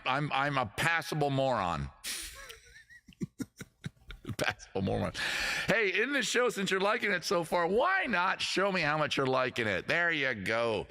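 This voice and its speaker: A man with a baritone voice, hosting his own live stream and joking about himself in loose, rambling banter between songs. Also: sharp tone. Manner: self-deprecating, chatty, jokey. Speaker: host and guitarist of a live stream show. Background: his own guitar.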